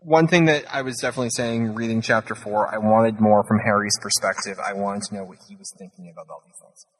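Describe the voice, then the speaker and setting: A man's voice: on the low side, fairly even intonation, fast talker, poor audio. Chatty, self-deprecating male podcast host. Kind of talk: casual podcast discussion.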